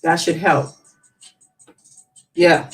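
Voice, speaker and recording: A woman's voice: sits low, level tone, extremely slow, soft background music, rough recording. A woman hosting a casual live stream, chatting and musing as she reads news aloud with her own asides.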